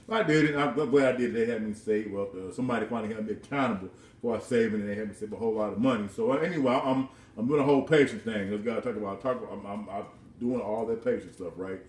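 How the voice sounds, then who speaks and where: A man's voice: fairly low pitch, quick pace, darkish tone, distant mic. A man in his thirties casually telling a personal story at home, rambling and repeating words with frequent chuckles. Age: 30s. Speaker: vlogger. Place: his own house. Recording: roomy sound from off-mic.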